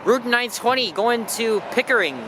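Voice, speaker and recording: Guy with a high voice rambling while he walks, lots of uh and restarts, traffic roaring behind. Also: normal speed. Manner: rambling, animated, frequent fillers and restarts. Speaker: walking vlogger. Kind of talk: casual walking commentary. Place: outdoors on a busy city street. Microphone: handheld camera mic while walking. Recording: street traffic noise. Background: traffic and passing buses.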